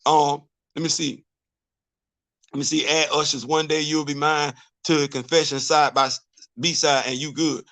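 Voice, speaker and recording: A man hosts a casual livestream in a high voice. He repeats himself and restarts often, drifting into bits of old songs. He sounds middle-aged and talks in loose slang. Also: flat delivery, normal speed, fairly bright tone. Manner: repetitive, stammering restarts, sings snatches of songs. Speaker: host. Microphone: streaming setup.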